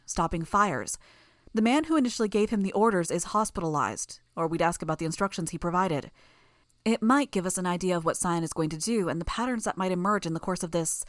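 A woman voicing a composed, authoritative female leader who speaks in a measured, firm way. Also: lowish voice, no room sound, studio quality, natural voice. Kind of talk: audiobook character voice.

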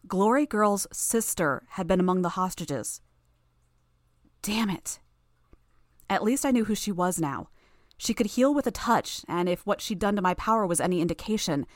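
A woman narrating a first-person novel in a tense, steady reading. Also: lowish voice, no room sound, studio quality. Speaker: audiobook narrator.

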